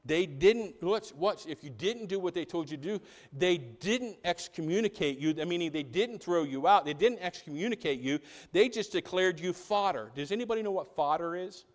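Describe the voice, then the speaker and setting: A man preaching a sermon as pastor, animated, swinging between loud outbursts and hushed lines. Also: sits high, normal speed, long reverb tail.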